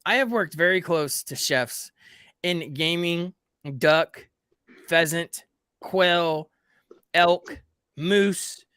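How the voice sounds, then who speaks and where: Bright-voiced man rambling to his viewers. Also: fairly high pitch, very slow, pauses often, clean tone, dry recording, clean studio sound. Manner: rambling, keeps addressing viewers as guys. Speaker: livestream host. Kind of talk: casual group chat.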